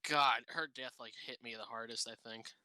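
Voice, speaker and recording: A man's voice: mid-range voice, steady tone, normal speed, pushed and bright, clear, resonant tone, no room sound. A man co-hosting a podcast in casual chat, telling profane, joking stories and acting out the people in them. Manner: profane, joking storyteller who acts out quotes. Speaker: podcast co-host.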